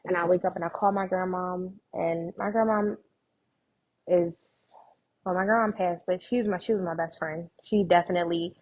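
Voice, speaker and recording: A young woman shares her life story as a guest on an interview show. Her voice is low-set and husky, and she tells it expressively, voicing the people she quotes. The recording sounds dull and muffled. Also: moderate pace. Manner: animated retelling with quoted voices and laughs.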